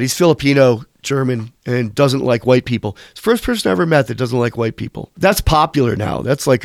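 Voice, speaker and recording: A man's voice: medium pitch, no echo, clean studio sound. A man in his fifties, a musician being interviewed, telling long casual stories in a rambling, profane way. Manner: rambling, profane, slips into quoted voices.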